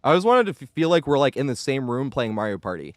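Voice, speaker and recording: A fast-talking man runs a live gameplay stream, his voice leaping up and down in pitch as he chats excitably, yells at the game, and then apologizes. He thanks viewers between plays, and the recording is dry with clean studio sound.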